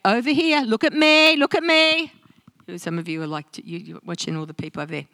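A woman pastor preaching a sermon in a church, animated and talking straight to the congregation. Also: high-pitched, no room sound. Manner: animated, interactive preaching with acted-out quotes. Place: church service.

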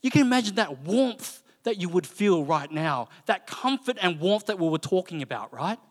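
Male preacher, chatty and animated, slightly high voice, long reverb from a church hall. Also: normal speed. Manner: conversational, animated storytelling with frequent fillers. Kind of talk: sermon.

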